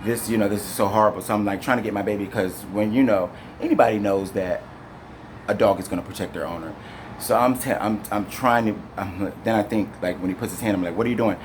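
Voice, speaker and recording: A man recounting an arrest in an emotional storytime to camera, rambling and halting with many fillers, and speaking directly to his viewers. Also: lowish voice, a little hiss or hum. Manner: animated, addresses viewers directly.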